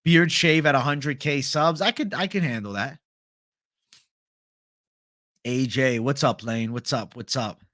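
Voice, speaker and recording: A man's voice: mid-range voice, unhurried, pauses often, a bit bright, no echo, studio quality. A young man hosting a live stream, reading viewer comments in a laid-back, chatty, profane way. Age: young adult. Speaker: host.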